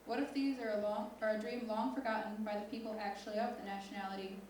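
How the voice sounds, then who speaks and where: A teenage girl reading her own spoken word poem slowly and intensely as a student poet on stage. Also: medium pitch, level tone, darkish tone, a little hiss or hum. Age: teens. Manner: slow, deliberate, intense recitation. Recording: echoey hall from far off.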